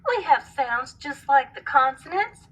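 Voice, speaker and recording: A woman's voice: high voice, very animated, measured pace, a bit bright, pitched above the performer's own voice, heavily acted, low-quality recording. A woman voicing a friendly group of vowel characters in a storybook, welcoming and inviting.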